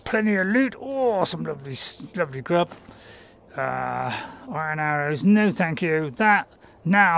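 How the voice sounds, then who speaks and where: Man, playful game commentary, rambling with fillers, gravelly voice, bouncy pitch. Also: fairly bright tone. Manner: chatty and playful, rambling with fillers and self-mocking laughs. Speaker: game streamer. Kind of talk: casual gameplay commentary.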